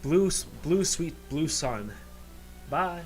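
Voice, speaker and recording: A man's voice: a little high, animated, slow pace, husky, soft background music, voice pushed up, full character voice, rough recording. A man voicing a chirpy male traveler taking his leave in a tabletop game, breezy and trailing off.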